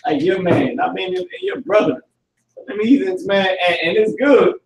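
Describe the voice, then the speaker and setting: A man leading a casual group discussion as teacher, animated and profane, often laughing as he talks. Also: high-pitched, normal speed, creaky, echoey room, distant mic, noisy background.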